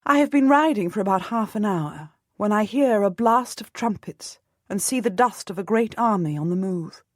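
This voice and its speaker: A woman narrating a historical novel in the first person, steady and measured. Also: mid-range voice, no room sound, studio quality. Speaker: audiobook narrator.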